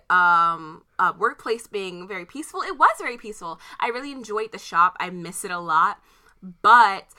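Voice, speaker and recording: A woman's voice: mid-range voice, sharp tone. A young woman from Maryland, co-hosting a casual chat and animatedly telling a story, laughing and acting out the voices. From Maryland, USA. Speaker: podcast co-host.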